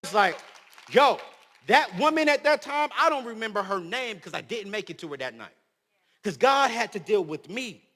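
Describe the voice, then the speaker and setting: A male preacher in his thirties telling his story in an animated, humorous speech, swinging between loud and soft. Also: high-pitched, moderate pace. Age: 30s. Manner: humorous, slangy. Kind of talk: motivational speech. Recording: long hall reverb.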